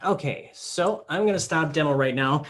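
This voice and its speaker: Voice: mid-range voice, normal speed, noisy background. Support trainer talking through a demo step by step, casual, says uh now and then. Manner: step-by-step explaining, casual filler words. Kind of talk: instructional product demonstration.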